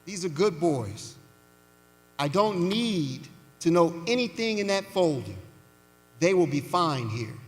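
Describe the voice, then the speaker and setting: A man voicing a humble, gentle elderly Southern foster mother, speaking softly and reassuringly in a reverberant arena. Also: on the high side, big pitch swings, takes it slowly, pauses often, soft background music.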